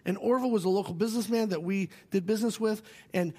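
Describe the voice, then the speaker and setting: A male pastor with a fairly high voice preaches in a large sanctuary, his words ringing with a long reverb. He tells stories with feeling, swinging from loud, animated moments to quiet, hushed ones. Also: fast talker. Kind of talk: sermon with storytelling.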